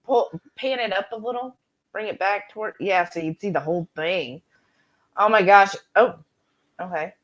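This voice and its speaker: A woman's voice: medium pitch, moderate pace, dull audio. A woman co-hosting a cooking video from her home kitchen, chatting casually and reading viewer comments. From Texas. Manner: chatty, says "y'all" often. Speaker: cooking channel co-host.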